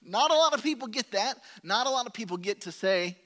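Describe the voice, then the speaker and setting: A male pastor preaching a sermon, telling a personal story with animated quoted asides and humor. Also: sits high, quick pace, hardly any pauses.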